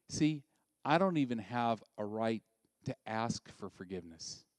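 A male pastor giving a sermon, animated and conversational, asking the listeners direct questions. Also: mid-range voice, measured pace, no room sound.

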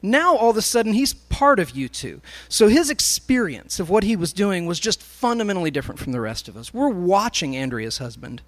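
A man's voice: high voice, sing-song, a little fast, hardly any pauses, fairly bright tone. A man speaking to a live congregation, telling a story in a sermon as he addresses the crowd directly.

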